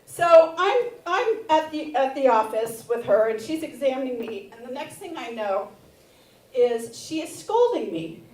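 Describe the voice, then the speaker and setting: Unhurried yet very animated, a menopausal woman in her fifties doing stand-up tells a candid story from her own life on a theater stage as listeners laugh. Her high voice is picked up from a distance with a roomy theater sound, and she builds to shouted reenactments.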